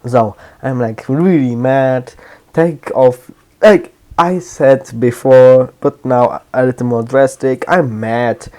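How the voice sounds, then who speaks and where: Brief: male storyteller, improvised and rambling, slow delivery, mid pitch. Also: warm tone. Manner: rambling, halting, with restarts and self-corrections. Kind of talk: improvised fan story narration.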